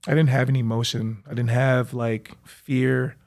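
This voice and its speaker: A young man, a professional athlete, reflectively recounting his own life story in a halting way, with frequent fillers. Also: mid-range voice, flat delivery, gravelly, darkish tone. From United States. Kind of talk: personal storytelling.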